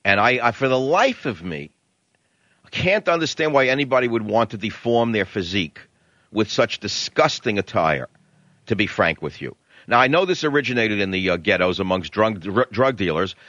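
A man's voice: medium pitch, bright, forceful tone, dry recording, dull audio. An older man with a New York accent, giving a blunt, rambling talk radio monologue. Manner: blunt, ranting, digressive.

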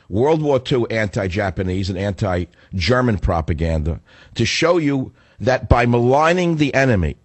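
A low-voiced man rants sarcastically into a studio microphone, hosting his own talk radio show. He is still recovering from the flu and carries a cough. The sound is close and dry, with no room around it. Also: dry recording. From northern United States. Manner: combative, ranting, sarcastic. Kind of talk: opinionated talk radio monologue.

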